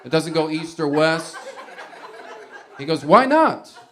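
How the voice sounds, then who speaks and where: A man's voice: fairly high pitch, flat delivery, measured pace. A male stand-up comedian telling a long, rambling story in a loose, conversational way.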